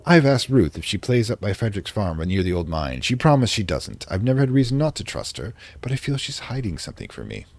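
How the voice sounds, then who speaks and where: A man voicing a lonely, wistful village seamstress from the 1920s, reading her diary softly with a vaguely British accent. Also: lowish voice, big pitch swings, quick pace, creaky, few pauses, dry recording, heavily acted. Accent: vaguely British, put on. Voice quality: soft, genteel reading voice. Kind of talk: reading diary entries aloud in character.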